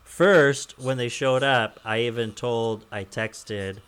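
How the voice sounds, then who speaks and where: A man's voice: medium pitch, slow pace, a bit bright, clear, resonant tone. Male podcast host, conversational, rambling storyteller, laughs often. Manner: rambling storytelling with frequent chuckles. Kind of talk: casual podcast chat.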